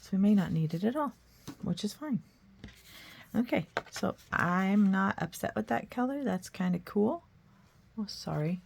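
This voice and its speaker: A woman's voice: mid-range voice, lively intonation, moderate pace, creaky, darkish tone, slight background noise. A middle-aged woman hosting a casual art tutorial, chatting in a rambling, self-deprecating way as she works. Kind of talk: casual crafting tutorial chat.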